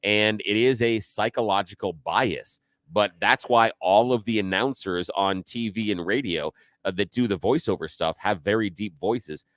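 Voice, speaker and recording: A man with a fairly low voice, explaining things steadily as a guest on talk radio. The sound is dry and close, as in a studio. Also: moderate pace, fairly bright tone, no echo.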